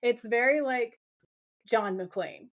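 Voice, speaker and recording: A woman's voice: a little high, takes it slowly. A woman co-hosting a podcast, casually retelling a TV episode scene by scene, quoting the characters' lines and gushing over them. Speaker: podcast co-host. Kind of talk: casual chat recapping a TV episode.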